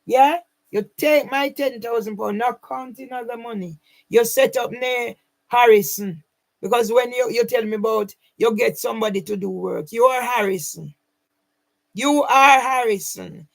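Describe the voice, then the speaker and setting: A woman's voice: fairly high pitch, moderate pace, vocal fry, darkish tone, poor audio. A woman, running her own channel, speaking straight to camera in an angry, accusing and repetitive way. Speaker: channel owner. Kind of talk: angry direct-to-camera rant.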